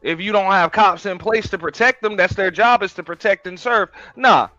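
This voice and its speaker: Blunt profane man ranting, bright tone. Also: high voice, moderate pace, no room sound, soft background music. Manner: profane, blunt, loud and emphatic. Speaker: host. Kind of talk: casual political rant. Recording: dull lo-fi, dry sound.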